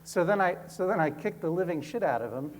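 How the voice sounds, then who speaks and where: Male guest author, live stage talk, slightly raised pitch, self-mocking and rambling, light noise floor. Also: lively intonation, fairly quick. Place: stage before a live audience.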